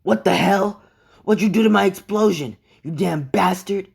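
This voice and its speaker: Brief: hot-headed teen boy rival yelling curses, as a guy puts him on, raised pitch. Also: moderate pace, gravelly, slightly rough, heavily acted. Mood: furious. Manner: shouting, cursing.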